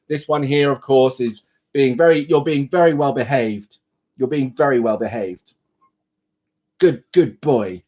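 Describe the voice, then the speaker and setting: A British man hosting a casual live stream from his computer at home, chatting in a rambling, self-deprecating way. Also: on the high side. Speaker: livestream host. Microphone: computer mic.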